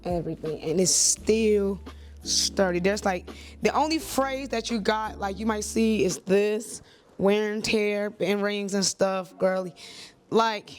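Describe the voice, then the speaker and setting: A woman in her thirties, a church and wedding photographer, chatting to camera at home in a lively, rambling way. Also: mid-range voice, takes it slowly, faint music behind. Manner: chatty, animated, digressive. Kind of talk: casual talk to camera.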